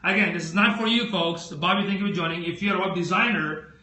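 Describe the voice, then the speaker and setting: This squeaky-voiced man delivers his casual tech-product live stream quickly, with fairly even intonation and a pushed, bright quality. He chats away, addresses the audience directly, and peppers viewers with questions.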